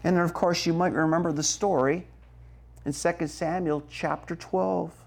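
A man preaching a sermon, slow and emphatic, checking in with the congregation as he goes. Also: fairly high pitch, steady tone, gravelly. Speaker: pastor.

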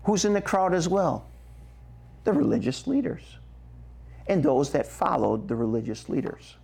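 A man preaching a sermon, slow and emphatic, checking in with the congregation as he goes. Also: on the high side, big pitch swings, creaky, a little mellow. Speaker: pastor.

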